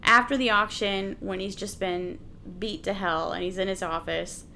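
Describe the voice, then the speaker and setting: A woman's voice: mid-range voice, steady tone, normal speed, vocal fry, sharp tone, a little hiss or hum. A woman in casual chat about a film, enthusiastic and laughing, swearing freely. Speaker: podcast co-host discussing a film.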